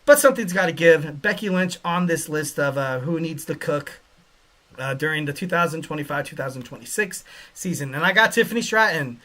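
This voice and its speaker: A man's voice: on the high side, brisk, bright, forceful tone. A man hosting a podcast, giving casual wrestling commentary in a rambling way with many fillers and joking asides. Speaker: podcast host.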